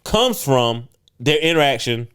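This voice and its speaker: A podcast co-host talks emphatically and a bit preachily, constantly checking in with "right?" in casual conversation. His medium-pitched voice is sing-song, smooth, and fairly bright, at a measured pace.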